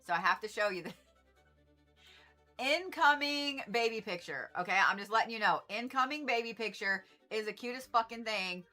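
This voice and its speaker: Middle-aged woman, livestream astrologer; bright, rambling, swears freely, soft music behind. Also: mid-range voice, fast talker, hardly any pauses. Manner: chatty, rambling, profane, laughing asides. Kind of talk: casual livestream chat.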